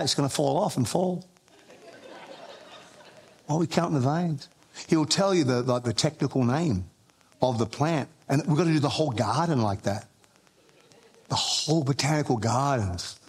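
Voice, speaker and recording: A man preaching a sermon as pastor, telling jokey family stories with frequent restarts and building emphasis when quoting scripture. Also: on the high side. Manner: humorous storytelling with frequent restarts.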